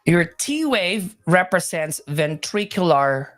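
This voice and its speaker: A woman's voice: on the low side, sing-song, slow pace, soft background music. A woman teaching nursing exam material live, repeating points, correcting herself and chatting with viewers.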